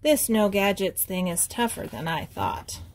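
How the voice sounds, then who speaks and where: A woman's voice: mid-range voice, animated, a little slow, a little hiss or hum, lightly acted. A woman doing an eager, gadget-loving little boy llama.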